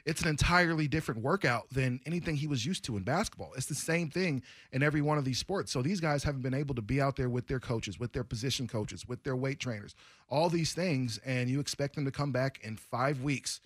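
A man co-hosting sports talk radio, giving opinions in an animated, rambling, casual way. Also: medium pitch, fairly quick, no echo, studio quality.

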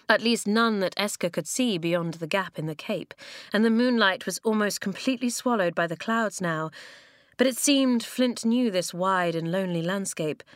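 A woman reads an audiobook in a calm, even manner, her voice sitting mid-pitch. The recording is dry and close, with no room around it. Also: no echo. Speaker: narrator. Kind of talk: audiobook narration.

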